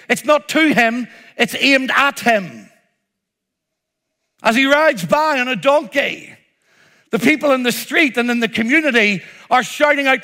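Bright, high-voiced male preacher. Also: lively intonation, a little slow. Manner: emphatic, acts out crowd cries in rising voice. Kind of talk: sermon.

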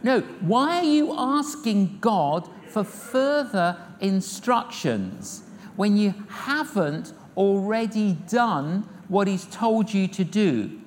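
A man's voice: sits high, slow pace. An older man delivers a sermon, spinning humorous stories and repeating his phrases for effect. His voice rings out with a long hall reverb. A faint hiss of noise sits under the recording. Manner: lively storyteller acting out dialogue, repeats phrases. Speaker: evangelist preacher.

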